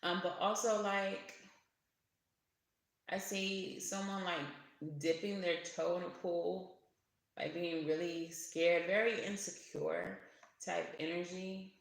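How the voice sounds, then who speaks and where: Speaking to camera in a very echoey room, a tarot reader gives a casual, chatty reading, laughing often and swearing now and then. The voice is mid-range and steady, and the pace is slow.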